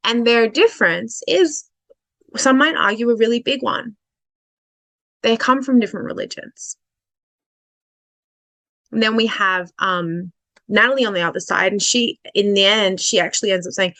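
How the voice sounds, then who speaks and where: A woman's voice: fairly high pitch, moderate pace, long pauses, fairly bright tone, no room sound. A woman relationship coach explaining dating behaviour in a casual, conversational way, with fillers and restarts, stretching out her key points.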